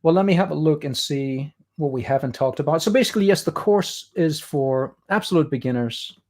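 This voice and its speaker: Irish man, fairly high voice, chatty, explains as he draws, livestream demo. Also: fairly quick, a little mellow. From Ireland. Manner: chatty storyteller, explains while drawing. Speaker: guest artist. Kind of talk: drawing demo chat on a livestream.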